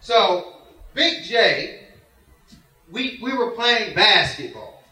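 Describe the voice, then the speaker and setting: High, bright preacher telling a story. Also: male voice, drawn-out words, distant mic. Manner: animated storytelling, acts out voices, laughs often. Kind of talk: sermon with a personal story. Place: church. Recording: roomy hall heard from afar.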